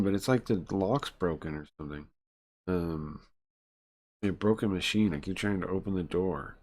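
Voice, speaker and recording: Low-voiced male streamer, casual and rambling, reads game text aloud between asides. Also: a little mellow. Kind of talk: casual live-stream chat and read-aloud.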